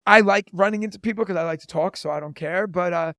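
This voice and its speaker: A man in his thirties talks easily as an interview guest, spinning stories with a high voice and a steady stream of "like" fillers. The sound is dry and close, with no room around it. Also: quick pace, dry recording. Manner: chatty storyteller, lots of "like" fillers. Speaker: podcast guest, teacher and comedian. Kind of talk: casual interview chat.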